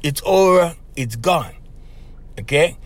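Podcast guy giving dating advice, kinda high voice, super animated, keeps saying okay and right. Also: slow pace. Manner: lively, emphatic, repeats "okay" and "right". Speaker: podcast host. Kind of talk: casual advice monologue.

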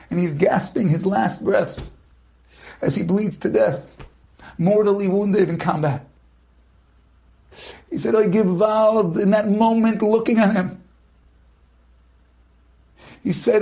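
A man with a high voice tells an inspirational story. He builds to loud, impassioned shouts at the tense moments. At the quiet moments he sinks to a near whisper. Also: gravelly. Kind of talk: dramatic storytelling.

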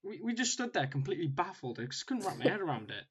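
An animated man tells a story in a loose, casual chat, swearing freely and getting louder as his outrage builds. The sound is a little dull and lo-fi. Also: high voice, quick pace, slightly rough. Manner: swears constantly, animated, mimics others in rising outbursts.

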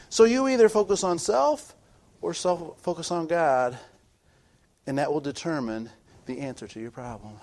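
A middle-aged male pastor preaching a sermon, swinging from loud emphatic build-ups to low quiet asides, with rhythmic repetition and call-outs to the audience. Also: normal speed.

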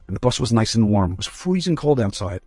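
A man, a rabbi, telling a story in a lively way and acting out the characters' voices. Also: lowish voice, quick pace, dry recording, faint music behind. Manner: animated, acts out quoted voices.

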